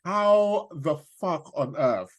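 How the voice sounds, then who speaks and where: A man's voice: on the high side, lively intonation, slow. A man hosting a casual live-stream podcast, rambling and joking with lots of fillers and repeated words. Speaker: podcast host.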